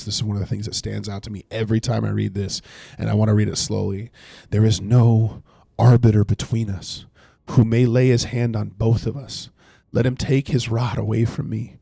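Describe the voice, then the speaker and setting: A man's voice: fairly low pitch, vocal fry, warm tone, breathy edge, no room sound. A man leading a livestreamed Bible study, earnestly reading scripture aloud and explaining it, now and then thanking viewers in chat.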